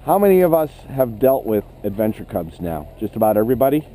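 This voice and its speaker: A man's voice: fairly low pitch, sing-song, fast, warm tone, a little hiss or hum. A man leading an instructor training session, asking the group questions and telling stories. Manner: conversational, asks the group questions, tells anecdotes. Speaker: ski instructor.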